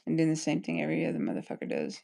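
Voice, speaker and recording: A woman's voice: low voice, big pitch swings, rapid-fire, gravelly, dark tone. A woman livestreaming an angry, rambling rant, full of profanity.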